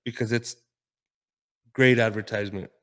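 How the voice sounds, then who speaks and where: Male guest, easygoing chat, quick to laugh, talks in everyday examples. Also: lowish voice, steady tone, a bit bright. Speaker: podcast guest. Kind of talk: casual podcast chat.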